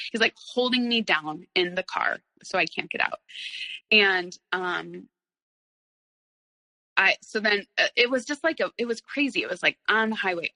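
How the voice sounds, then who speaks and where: A woman's voice: medium pitch, pushed and bright, in a large hall, rough recording. A woman in her thirties, a guest on an interview show, telling her own story candidly, rambling with many fillers and nervous little laughs.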